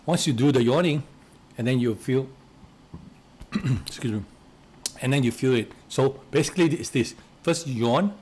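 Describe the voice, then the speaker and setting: A man's voice: mid-range voice, moderate pace, long pauses, a little mellow, a little hiss or hum. Hesitant man guiding relaxation exercises. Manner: hesitant, repeats and restarts words; coughs and clears throat now and then. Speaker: relaxation instructor.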